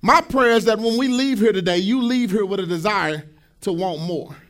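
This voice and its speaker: Man, pastor, very high voice, sing-song preaching, builds to shouts. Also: normal speed. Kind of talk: sermon.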